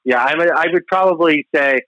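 A man's voice: a little high, brisk, a bit bright, dry recording, dull audio. A man guesting on a podcast, chatting casually with dry, offhand humor. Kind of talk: casual chat.

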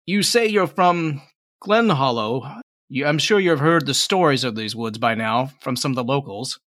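A man voicing a tall, gruff, bearded male hunter who is friendly but wary. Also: mid-range voice, expressive, normal speed, fairly bright tone, lightly acted.

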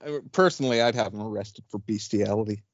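A man's voice: fairly low pitch, quick pace, dry recording, muffled recording. A man co-hosting a comedy podcast, making jokes in casual chat. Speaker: podcast co-host.

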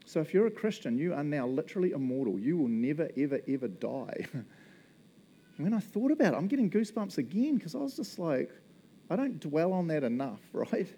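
A man's voice: fairly high pitch, big pitch swings, a little fast, warm tone. A man with a New Zealand accent preaching a casual, conversational sermon, chatty and joking as he talks. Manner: chatty, joking, often laughing.

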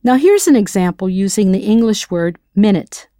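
A woman's voice: medium pitch, animated, moderate pace, warm tone, no room sound, clean studio sound. A woman narrating a scripted audio language lesson, quizzing the listener with playful questions. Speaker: language teacher.

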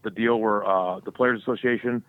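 Smooth and lowish, this man's voice moves at normal speed as he co-hosts a casual podcast. He tells sports stories loosely and profanely, acting out the voices of people he quotes. The recording is dry and tinny, phone-like.

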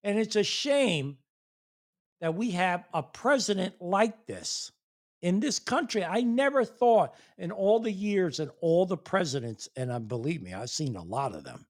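In a high, sing-song voice and at a slightly slow pace, a man angrily rants to his viewers about politics. He swears a lot and laughs in disbelief.

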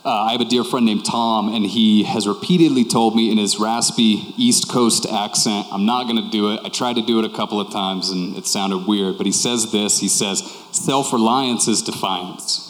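Low-voiced man preaching in an echoey hall. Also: fairly even intonation, normal speed, few pauses. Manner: conversational and candid, repeating key phrases. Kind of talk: sermon. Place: church hall with congregation. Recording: echoey hall with long reverb.

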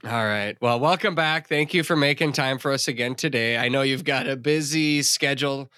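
Bright upbeat male podcast host. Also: mid-range voice, moderate pace, smooth, no echo, clean studio sound. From Minnesota. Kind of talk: casual podcast interview.

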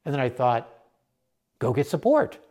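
A man's voice: medium pitch, normal speed. Older man telling a story with animation. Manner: animated, acts out quoted voices. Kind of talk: personal storytelling.

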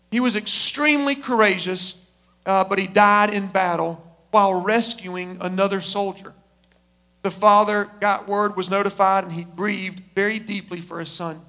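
A male preacher telling a story in a sermon, moving between quick asides and slow, emphatic phrases. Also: sits high, a bit bright.

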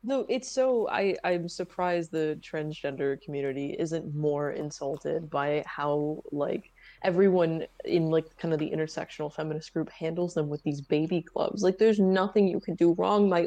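A woman's voice: low-pitched, normal speed, dark tone. A woman in casual chat, speaking in a slangy, sarcastic way.

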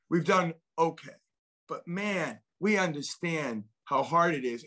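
As an interview guest, a middle-aged venture investor with a fairly bright voice on the high side relates a long personal story. It rambles, full of restarts and words said twice.

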